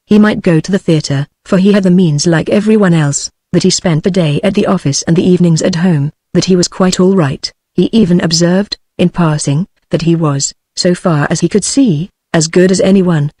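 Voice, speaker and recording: A text-to-speech woman's voice with a British English accent narrating an audiobook in an even, steady read. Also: lowish voice, normal speed, hardly any pauses, husky, no room sound. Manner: even, steady, synthetic reading.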